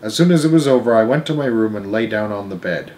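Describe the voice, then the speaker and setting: A man's voice: lowish voice, animated, fast talker, a little mellow, a little hiss or hum, low-quality recording. A man reading a chapter book aloud as storyteller, earnest and emotional, now and then restarting a phrase.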